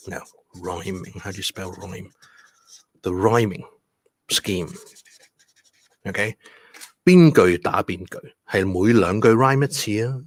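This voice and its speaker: Children's storyteller, man, Hong Kong English accent, animated teacher delivery. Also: lowish voice, dry recording, studio quality. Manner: animated, code-switching, stressing words for children. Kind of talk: bedtime story reading and English tips for kids.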